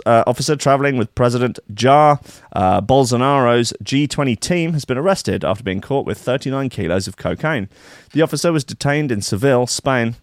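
A man's voice: medium pitch, no echo, studio quality. A man hosting a casual news commentary, reading items aloud with irreverent, profane, rambling asides. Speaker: podcast host.

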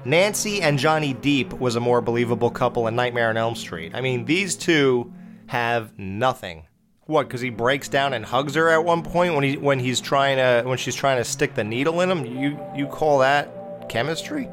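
A man talks through a movie in a casual, rambling way, blunt and full of opinions. His voice sits at an ordinary middle pitch. Faint music plays quietly behind him. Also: lively intonation, moderate pace. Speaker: podcast host.

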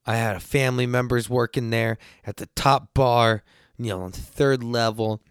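A man hosting his own podcast, talking through a long story in a loose and profane way. His voice sits at an ordinary middle pitch. The sound is dry and close, with no room echo. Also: normal speed, clear, resonant tone. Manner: animated when quoting others. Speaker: podcast host. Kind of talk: casual storytelling.

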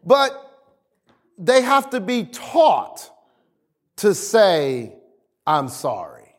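A man preaching as a pastor, slowing for emphasis and acting out family scenes. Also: sits high. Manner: lively preaching, slows for emphasis, acts out family dialogue. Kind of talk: sermon.

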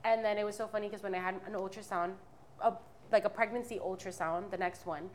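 A woman's voice: mid-range voice, fairly even intonation, fast talker, a little hiss or hum. A woman in her twenties giving a candid, rambling personal testimony as a podcast guest. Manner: candid, rambling, many fillers and restarts.

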